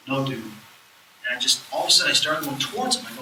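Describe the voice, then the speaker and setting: A man's voice: mid-range voice, fast talker, noisy background. A man giving a live lecture, telling stories casually and acting out the dialogue in them. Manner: animated, acts out quoted dialogue. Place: lecture hall at a live event. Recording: echoey room recording from far off.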